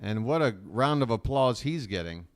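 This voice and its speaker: A man's voice: mid-range voice, expressive, normal speed. A man hosting a fan livestream, giving casual live play-by-play commentary in a chatty, rambling way, talking to his viewers as he watches. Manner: chatty and rambling, many fillers.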